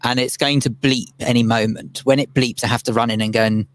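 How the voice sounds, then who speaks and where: A man's voice: medium pitch, fairly even intonation, fairly quick. A man co-hosting a casual radio chat show, wry and conversational.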